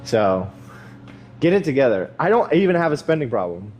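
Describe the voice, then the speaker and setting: A man's voice: medium pitch, very animated, normal speed, lo-fi sound, faint music behind. A young man chatting casually while working out in a gym, rambling and swearing freely with a self-mocking edge. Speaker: vlogger.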